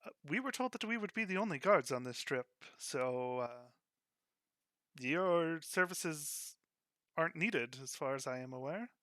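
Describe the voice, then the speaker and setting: A man's voice: fairly high pitch, expressive, bright, forceful tone, no room sound, clean studio sound. A man playing a hesitant young woman caravan guard. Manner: hesitant, polite, full of pauses.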